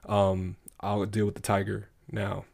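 A man voicing a calm, wise male lion in a spoken fable, speaking slowly and matter-of-factly. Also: lowish voice, vocal fry. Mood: measured. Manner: slow, measured, matter-of-fact.

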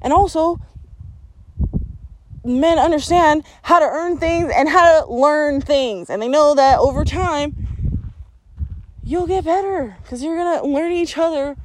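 Blunt high-voiced woman ranting, noisy recording. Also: a little slow, long pauses. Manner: swears constantly, laughs often mid-sentence; blunt, confrontational, lectures the listener. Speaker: vlogger. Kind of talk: blunt profane rant to camera. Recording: noticeable background noise.

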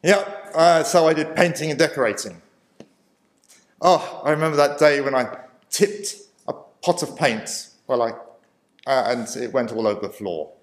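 A man's voice: medium pitch, normal speed. A man, a minister, telling his life story with self-deprecating humour and frequent laughter. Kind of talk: personal testimony talk. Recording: roomy echo.

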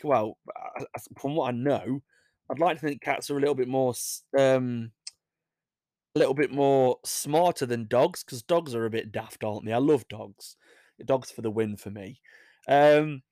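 A man's voice: medium pitch, no echo. Chatty English man, dry close sound. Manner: rambling, jokey, laughs at his own asides. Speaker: podcast host reading news stories. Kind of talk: casual chat.

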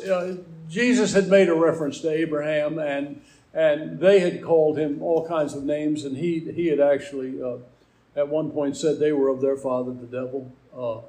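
A man's voice: a little high, a little mellow. A man preaching a sermon, explaining scripture in an earnest teaching manner.

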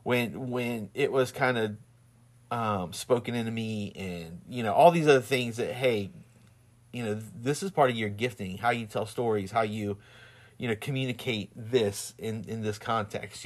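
Halting man with a Southern twang. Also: fairly low pitch. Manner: rambling, halting, many restarts; laughs often while telling stories. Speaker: husband and father. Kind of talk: casual chat.

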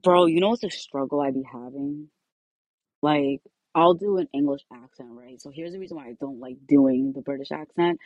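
Woman co-host with a low voice, relaxed slangy banter, muffled dry audio. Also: no echo. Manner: laid-back, slangy, quick to laugh. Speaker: podcast co-host. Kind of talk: casual chat.

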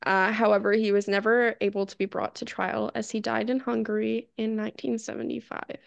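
Creaky, gravelly voice from a woman co-host telling a true-crime story in a loose, chatty way. The sound is dry and close, with no room echo. She stumbles over unfamiliar names and laughs them away. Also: medium pitch, flat delivery, a little fast. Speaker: podcast co-host. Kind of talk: casual true-crime chat.

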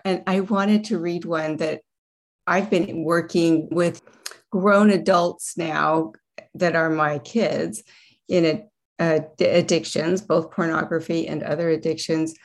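Earnest low-voiced woman sharing a book. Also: steady tone, unhurried. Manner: earnest, emphatic, reads aloud with feeling. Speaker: guest, project director and coach. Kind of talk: casual talk with read passages.

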